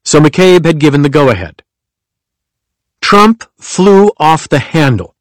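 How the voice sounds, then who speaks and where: A man's voice: a little high, expressive, unhurried, no echo. Man narrating nonfiction, dry close sound. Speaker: audiobook narrator.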